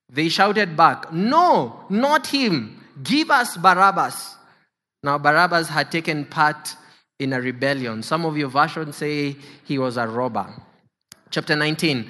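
High bright preacher in a reverberant hall. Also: male voice. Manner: dramatic reading, giving the quoted figures their own inflection. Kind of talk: sermon with scripture reading. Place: church sanctuary. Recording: long reverb of a large hall.

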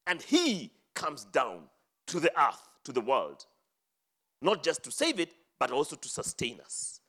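A man preaching a sermon, reading scripture aloud and explaining it, rising to loud emphatic phrases and dropping to low, quiet endings. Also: huge pitch swings, measured pace, husky. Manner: dramatic swings from loud high emphasis to low hushed endings.

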